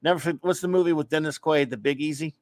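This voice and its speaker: Rambling New man, slightly high voice. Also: fast talker, a little mellow, dry recording. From New Orleans, USA. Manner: rambling, self-interrupting, playful. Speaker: podcast host reading chat. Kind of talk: casual chat.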